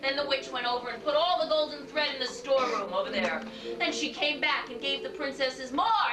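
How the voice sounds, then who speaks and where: High-voiced woman entertaining children at a party. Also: a little fast. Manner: animated, playful and coaxing. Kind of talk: storytelling and leading children's games. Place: birthday party room. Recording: roomy, distant home-video camcorder sound with loud music.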